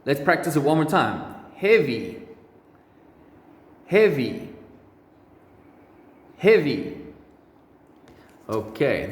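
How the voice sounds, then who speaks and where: A man teaching English words to children, slowly repeating each one with exaggerated pronunciation in a classroom. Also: medium pitch. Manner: drawn-out, exaggerated word drills. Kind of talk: slow repeat-after-me pronunciation lesson for children. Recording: echoey room with long reverb.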